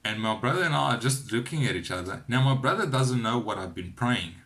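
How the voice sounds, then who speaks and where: A man telling a personal faith testimony to his camera at home, earnest and encouraging, with lively storytelling. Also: medium pitch, brisk, few pauses. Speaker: Christian vlogger sharing testimony. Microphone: camera on a cheap wobbly phone holder.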